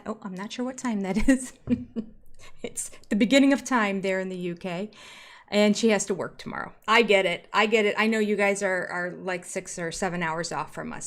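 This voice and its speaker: A woman's voice: medium pitch, fairly bright tone. Older woman chatting on a live stream. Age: 60s. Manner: chatty, reads out viewer comments with little laughs. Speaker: YouTube host reading live chat. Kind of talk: casual live-stream chat.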